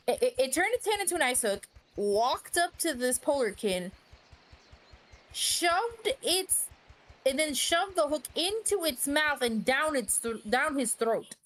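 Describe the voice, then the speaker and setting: A woman casually recounting a tabletop game session with animated, expressive delivery, swearing freely and laughing often. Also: high voice, unhurried. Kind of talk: casual storytelling on a stream.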